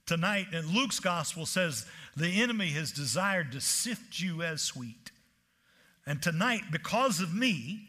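A man preaching a sermon, animated, with frequent stammered restarts and acted-out quotes. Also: sits high, slightly rough.

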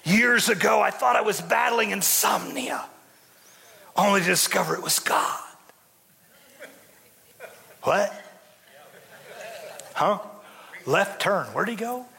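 A man's voice: sits high, slow, creaky, pauses often, pushed and bright, slightly rough, big-room sound. A man, a bishop, preaching a sermon in a folksy, dramatic storytelling way with joking asides to his congregation.

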